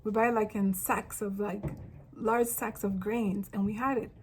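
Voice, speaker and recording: A woman from Africa talking straight to camera in a casual, animated monologue, full of rambling asides. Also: mid-range voice, a little slow, breathy edge, rough recording. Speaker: vlogger.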